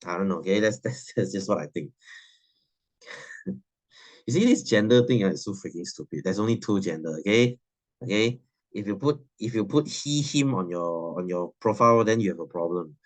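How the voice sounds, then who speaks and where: A man's voice: fairly low pitch, lively intonation, moderate pace. A man, teaching a science class in a chatty, teasing way and laughing often. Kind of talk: classroom lesson.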